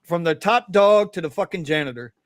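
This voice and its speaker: A man's voice: high-pitched, animated, a little fast, no room sound, clean studio sound. A man hosting a rideshare podcast, speaking bluntly and cursing freely. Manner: blunt, profane, fired up. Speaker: podcast host. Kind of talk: casual podcast chat.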